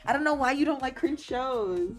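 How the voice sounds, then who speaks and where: A woman streamer chatting casually and playfully. Her voice leaps up and down, and she laughs through her lines while reading out chat messages and teasing her viewers. Faint music plays quietly behind her. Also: high voice, lively intonation, moderate pace. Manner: laughs often, reads chat aloud and answers it. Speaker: livestreamer.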